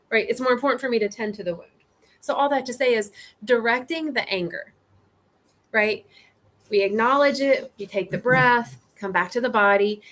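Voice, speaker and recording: A woman leading a casual group discussion, animated, acting out inner voices and swearing freely. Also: on the high side. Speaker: group facilitator.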